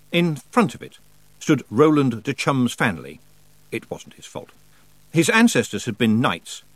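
A man reading a novel aloud as narrator, with measured, expressive storytelling. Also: mid-range voice, dry recording, low-quality recording. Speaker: audiobook narrator. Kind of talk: scripted narration.

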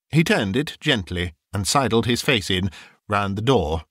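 A man narrating an audiobook in an expressive storytelling manner. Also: lowish voice, unhurried, no room sound, studio quality. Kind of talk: audiobook reading.

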